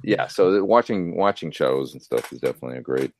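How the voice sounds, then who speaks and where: A man's voice: very deep voice, animated, brisk, slight background noise. A man chatting casually and at length, answering viewer questions about gear and hobbies. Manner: rambling, chatty. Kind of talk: casual chat.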